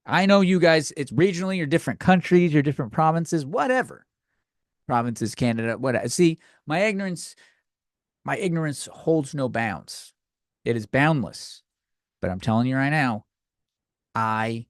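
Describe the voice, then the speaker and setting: A man's voice: on the high side, animated, normal speed, no room sound, clean studio sound. An American man hosting his own podcast, ranting in a crude, rambling and self-mocking way while he answers listener questions. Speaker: podcast host. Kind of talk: casual comedic rant.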